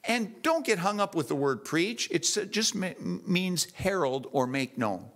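Guy preaching in church, voice sits a bit high and jumps all over, storytelling. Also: a little slow. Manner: storytelling, lively and animated. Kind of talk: sermon.

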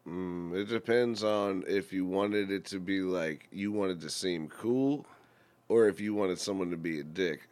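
A young man trading jokes in a relaxed co-hosted chat. He talks loosely and laughs often. He jumps into short mock voices for his bits. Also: low-pitched, a little slow. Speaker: podcast co-host. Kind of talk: casual comedic chat.

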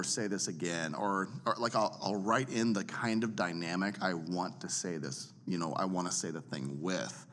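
Lively low-voiced man coaching speakers. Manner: animated, demonstrates voices by swinging pitch widely. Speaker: preaching coach. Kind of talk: casual teaching chat.

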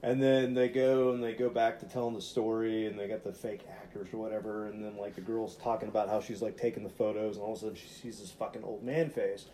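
A man's voice: on the low side, fast, hardly any pauses. Rambling man telling a ghost story. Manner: rambling, heavy use of "like" and swearing; animated, acts out voices in retold quotes. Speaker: podcast co-host. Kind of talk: casual storytelling chat.

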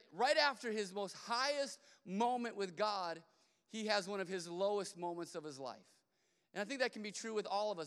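A pastor delivers a sermon in a relaxed, storytelling way and slips in playful asides. His voice is smooth and resonant and sits a little high for a man. Long reverb from the church hall trails behind each phrase. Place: church sanctuary.

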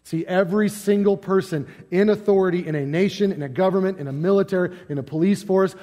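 Man, pastor, sermon, higher-pitched voice, emphatic rhetorical questions, long hall reverb. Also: fast, warm tone, soft background music.

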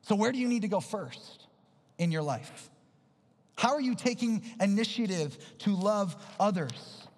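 Male pastor, high husky voice, emphatic repeater, long hall reverb. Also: animated, unhurried. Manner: earnest, emphatic repetition, dropping to low intense tones. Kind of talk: sermon.

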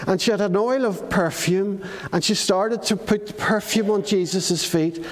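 A man giving a children's talk in church, telling a story and asking the children questions. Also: sits high. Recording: reverberant hall.

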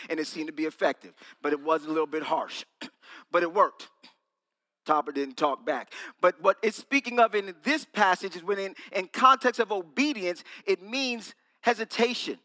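A man's voice: sits high, bright, forceful tone, big-room sound. A man preaching a sermon to a small congregation, playfully quizzing and teasing his listeners. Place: small room with an audience.

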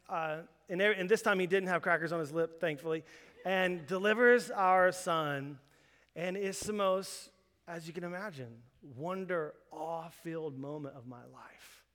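A man in his thirties preaching a sermon, telling a story and acting out the quoted voices with lively energy. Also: high voice. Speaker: pastor. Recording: long hall reverb.

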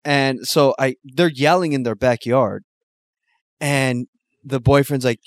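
A man telling a story in casual chat, laughing often and mimicking people in a high voice. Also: fairly even intonation, slow, no echo.

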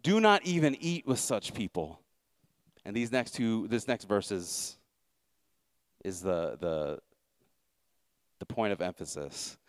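A man's voice: lowish voice, big pitch swings, slow pace, pauses often, no echo. A man pastor preaching a sermon, emphatic and repeating his key lines, with wry asides.

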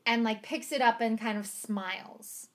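Woman recapping a show on a podcast, kinda high voice, says like a lot, laughs easy. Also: steady tone, a little slow. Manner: chatty, lots of "like" and "um", laughs easily. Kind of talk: casual chat.

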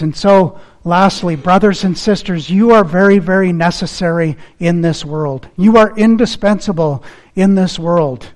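A man preaching a sermon in an earnest, emphatic manner, repeating key phrases, and closing in prayer. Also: high-pitched. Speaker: pastor.

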